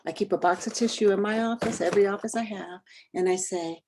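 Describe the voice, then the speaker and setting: A woman leading a training session over a video call, talking conversationally and quizzing her group with quick questions. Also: medium pitch, fairly even intonation, a little mellow, a little hiss or hum. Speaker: workshop trainer.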